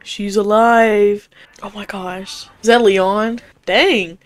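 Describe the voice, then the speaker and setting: A woman's voice: mid-range voice, steady tone, takes it slowly, faint music behind. A young woman streaming a horror game, chatting casually and reacting in a jumpy, squeamish way. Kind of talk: live gameplay reaction.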